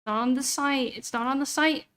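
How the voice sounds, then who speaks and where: High-voiced young woman muttering as she browses. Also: normal speed, fairly bright tone. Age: young adult. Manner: muttering to herself while browsing, swears freely. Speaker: VTuber streamer. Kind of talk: casual livestream chat.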